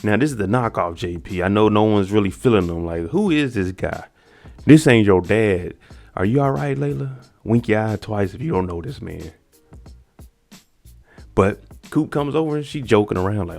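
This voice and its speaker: A man's voice: on the low side, moderate pace, creaky, darkish tone, soft background music. A man casually recapping a TV episode, animatedly acting out the characters' lines. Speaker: TV recap host.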